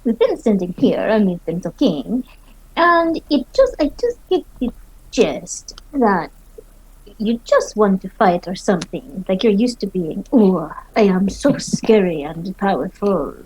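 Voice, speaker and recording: A woman's voice: mid-range voice, big pitch swings, measured pace, darkish tone, breathy edge, poor audio. A woman playing a tabletop game, speaking in character in a playful, mocking way. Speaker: player.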